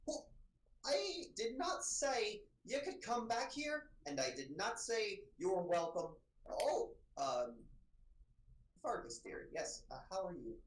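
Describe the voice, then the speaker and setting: A woman voicing a prickly older woman scholar who is fussy and easily riled, talking in a high, huffy voice. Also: sing-song, slow pace, roomy sound. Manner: huffy, flustered, high and sharp.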